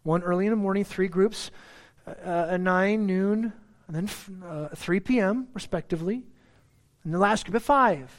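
A man's voice: sits high, moderate pace. Man preaching in a conversational tone. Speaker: pastor. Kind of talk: sermon.

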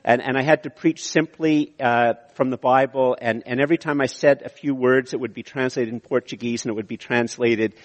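A Canadian man preaching to a congregation, his voice carrying a long reverberant tail through a large hall. He talks in a mid pitch, animated and conversational, climbing to emphatic peaks and stumbling into restarts now and then. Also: brisk, few pauses, lo-fi sound. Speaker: pastor. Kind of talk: sermon.

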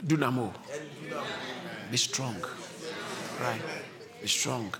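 A man preaching a sermon in a church, exhorting and repeating his point, moving from low calm passages to shouted peaks. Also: very slow. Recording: live church crowd responding.

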